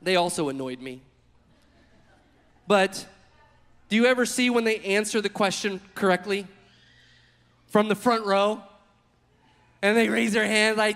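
A man preaching a sermon, telling the story with animated, acted-out quotes. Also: high-pitched, unhurried, long pauses, big-room sound. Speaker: pastor.

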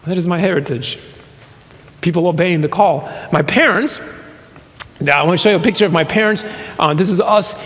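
Preaching in a church hall, this Nicaraguan-American pastor in his fifties has a high, fairly bright voice and a brisk delivery broken by frequent pauses. His sermon centers on a personal story, sprinkled with laughter and voices he quotes.

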